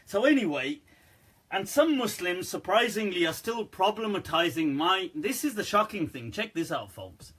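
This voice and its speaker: Chatty, laughing man with a bright, husky voice. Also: high-pitched, very animated, moderate pace. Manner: chatty and joking, laughs often, says "right" and "people". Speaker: Islamic scholar answering questions. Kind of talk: casual livestream Q&A talk.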